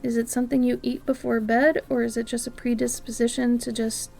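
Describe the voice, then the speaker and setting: Woman live-streamer, casual chat, slightly high pitch, slips between near-whispers and excited outbursts, light music bed. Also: a little fast, gravelly. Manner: chatty, often drops to a soft near-whisper, bursts into excited loud exclamations. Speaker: artist streamer.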